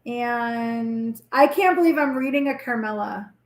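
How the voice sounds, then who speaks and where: A woman's voice: fairly high pitch, a little slow, reverberant. A woman in her forties hosting a casual live tarot reading, chatty, blunt and reassuring as she talks straight to viewers.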